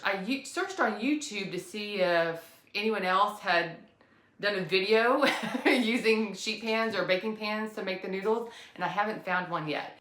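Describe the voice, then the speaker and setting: Mujer chateando en una cocina con eco. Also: female voice, mid-range voice, bright, forceful tone, echoey room. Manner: chatty, self-deprecating, upbeat. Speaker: cooking channel host. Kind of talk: casual cooking vlog talk.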